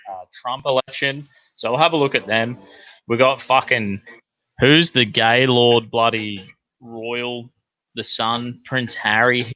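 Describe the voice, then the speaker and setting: An Australian man rants through the day's news in a loose, sweary, rambling way, full of blokey slang. His low voice pushes hard and sounds tense. The sound is dry and close, with no room around it. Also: pushed and bright, dry recording, lo-fi sound. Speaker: livestream news host. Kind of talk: crude comedic news rant.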